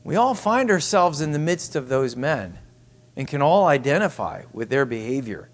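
A man preaching a sermon as pastor, emphatic and repetitive, sometimes dropping to soft asides. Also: mid-range voice, very animated, normal speed.

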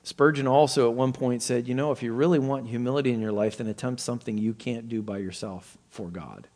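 A man preaching a sermon, earnest and measured, teaching through a passage with occasional fillers and restarts. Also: mid-range voice, steady tone, darkish tone, big-room sound. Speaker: pastor.

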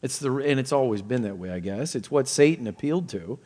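A man preaching a sermon, earnest and measured, teaching through a passage with occasional fillers and restarts. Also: mid-range voice, lively intonation, warm tone, long reverb tail. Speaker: pastor.

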